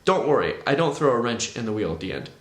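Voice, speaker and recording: A man talking through a personal testimony in a conversational, animated storytelling way. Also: mid-range voice, fast talker, roomy sound. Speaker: vlogger sharing his testimony.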